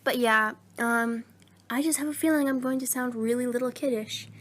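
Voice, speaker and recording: Rambling teen girl, higher voice. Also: normal speed, a bit bright. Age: teens. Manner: rambling, meandering, self-deprecating. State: sick. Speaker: voice actor vlogger. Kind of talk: casual rambling vlog. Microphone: phone.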